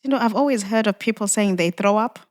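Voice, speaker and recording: A woman speaking at a mid pitch tells a personal story with strong emotion. She acts out both sides of each exchange, changing her voice for each person. Her talk is filled with "you know" and "I'm like.". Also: fast, darkish tone. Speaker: podcast guest.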